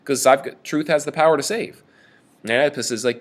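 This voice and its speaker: A man giving a lecture on a play, reading lines aloud and explaining them in an animated, casual way. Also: medium pitch, a little fast. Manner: animated, reads quoted lines with raised voice. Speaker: teacher.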